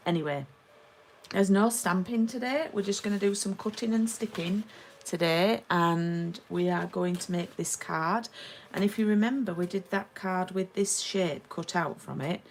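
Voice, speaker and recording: Chatty woman, gravelly low voice. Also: slight background noise, poor audio. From England. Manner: chatty, greets viewers by name. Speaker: card-making demonstrator. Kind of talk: live-streamed craft lesson.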